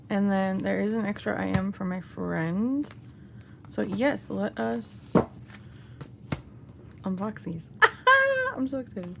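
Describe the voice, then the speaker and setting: A woman's voice: mid-range voice, vocal fry, heavy background noise. A young woman, gushing and giggling as she unboxes albums in a casual vlog. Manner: giddy, gushing, laughs often. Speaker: unboxing vlogger. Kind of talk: excited casual unboxing chat.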